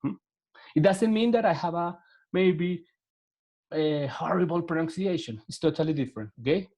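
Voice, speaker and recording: A man's voice: on the high side, moderate pace, a little mellow. Man, spanish accent, english teacher, online class, patient and repetitive, video call. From Latin America. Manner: patient, repeats words, gives step-by-step instructions.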